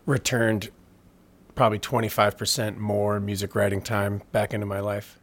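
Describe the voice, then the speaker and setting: A man's voice: fairly low pitch, level tone, normal speed. A man in the guest chair, an electronic musician who meanders through his answers. His talk is full of fillers and restarts, with a self-deprecating streak of humor running through it. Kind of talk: casual interview chat.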